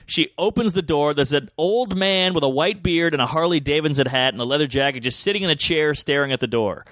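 A man telling a crude story in casual chat, animated and acting out the voices of the people in it. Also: fairly high pitch, brisk, no echo. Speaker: comedian guest.

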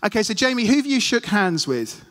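A man with a fairly high voice gives a relaxed, chatty sermon in a church hall. The reverb rings long behind him. He tells self-deprecating stories and puts questions to the congregation. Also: fairly quick. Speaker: preacher. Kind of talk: casual sermon with anecdotes.

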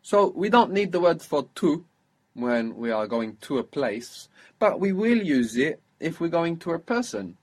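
A man teaching a spoken language lesson, patiently prompting his student with questions and modelling phrases slowly. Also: on the high side, sing-song.

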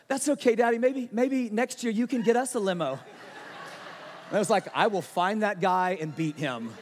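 Guy preaching, high voice, goes from loud and pushing to soft and low, long echo. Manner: swings from loud, emphatic preaching to quiet, intimate storytelling. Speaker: pastor. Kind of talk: sermon. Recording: long hall reverb.

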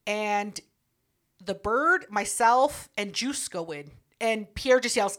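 A woman co-hosting a podcast, telling stories in a brash, profane, animated way. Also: fairly high pitch, slow pace. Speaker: podcast co-host. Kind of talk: casual storytelling chat.

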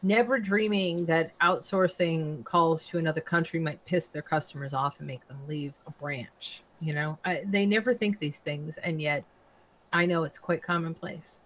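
A woman's voice: low voice, moderate pace, rough recording. A woman hosting a talk radio show, chatting and reading news stories with blunt, sarcastic asides. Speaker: show host.

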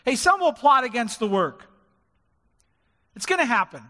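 A male pastor delivers a sermon in a church sanctuary, pushing his points with rising emphasis. His voice sits high for a man. The sound carries a long hall reverb. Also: very animated, moderate pace, sharp tone. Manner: preaching with rising emphasis and acted-out quotes.

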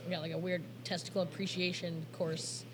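A man's voice: high voice, a little fast, noisy background. A young man co-hosting a casual podcast, telling a story with laughter and acted-out voices. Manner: animated, laughing, acts out voices in his stories. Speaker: podcast co-host.

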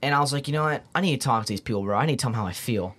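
Fast-talking young man spinning a story. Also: mid-range voice. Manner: rambling, excitable, heavy on "like" and "bro". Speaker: podcast guest. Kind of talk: casual storytelling chat.

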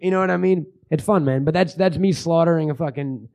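A man's voice: on the high side, fairly quick, a little mellow. A man co-hosting a podcast, crude and rambling as he riffs on absurd ideas. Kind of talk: crude casual banter.

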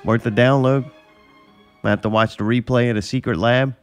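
A man's voice: mid-range voice, fairly even intonation, normal speed, soft background music. A man hosting a casual chat, riffing in an exaggerated way and swearing often. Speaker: podcast host. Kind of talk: casual profane banter.

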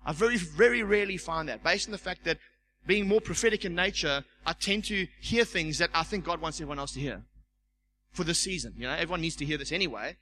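A man preaching a sermon as pastor, animated, stumbling over repeated words and acting out the voices he quotes. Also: on the high side, fast talker, slight background noise, poor audio. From South Africa.

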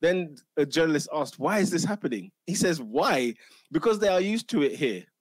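A man doing an impression of an exasperated, middle-aged Italian football manager, speaking halting broken English with an Italian accent. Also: fairly high pitch, expressive, breathy edge, no echo. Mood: ranting.

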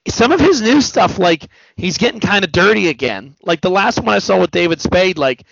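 A man's voice: high voice, animated, normal speed, vocal fry, fairly bright tone, no room sound. A man hosting a podcast, chatting loosely about pop culture in a rambling way and swearing freely. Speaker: podcast host. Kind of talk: casual pop culture chat. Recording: dull lo-fi dry recording.

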